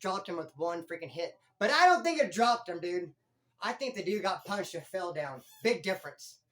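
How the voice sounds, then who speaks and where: A former prisoner hosting his own channel, telling stories in animated street slang. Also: high-pitched, normal speed, slight background noise. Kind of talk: casual storytelling vlog.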